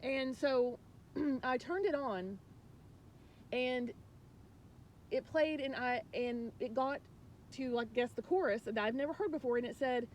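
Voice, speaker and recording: A woman with a fairly high voice talks straight to her viewers as a spiritual coach. She is earnest and rambling, restarting her sentences often as she confides her feelings, and a faint low rumble sits underneath. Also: measured pace, long pauses. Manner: emotional, confiding. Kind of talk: casual spiritual message to viewers.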